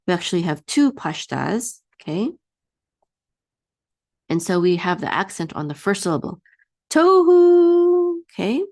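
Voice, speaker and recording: A woman teaching a one-on-one Hebrew reading lesson, patiently singing each word out slowly for her student to repeat. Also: fairly low pitch, creaky, dry recording, clean studio sound.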